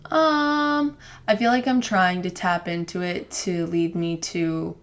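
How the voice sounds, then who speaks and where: Creaky-voiced young woman rambling earnestly. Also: fairly low pitch, takes it slowly. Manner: rambling, heavy use of "like" fillers; earnest, openly emotional self-reflection. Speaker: podcast co-host. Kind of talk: casual chat.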